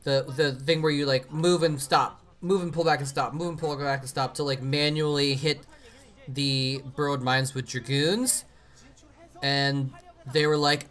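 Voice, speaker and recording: A man's voice: fairly high pitch, steady tone, a little slow, a bit bright. A man casually commenting on an old match during a live stream, rambling with many fillers and restarts.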